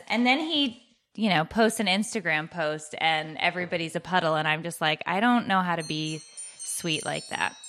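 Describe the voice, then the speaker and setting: A woman's voice: lowish voice, moderate pace, fairly bright tone. A middle-aged woman hosting a podcast in casual chat, laughing easily and poking fun at herself. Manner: laughs easily, self-deprecating. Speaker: podcast host.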